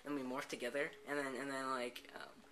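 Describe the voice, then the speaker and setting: A man's voice: medium pitch, little pitch movement, fairly quick, noisy background. A man, the host of a gameplay channel, improvising a rambling story full of "and then, like" restarts. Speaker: let's play host. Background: background music.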